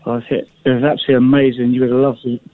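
A man's voice: mid-range voice, flat delivery, racing, no room sound. Give me an enthusiastic male caller gushing down a dry, tinny phone line. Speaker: radio caller.

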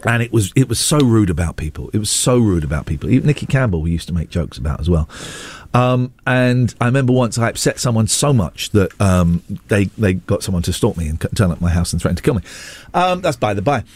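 A man's voice: lowish voice, big pitch swings, fast talker, a little mellow, breathy edge. A man, hosting a radio show in a rambling, self-deprecating chat that jumps between asides. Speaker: radio host. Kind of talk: casual on-air chat. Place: radio studio.

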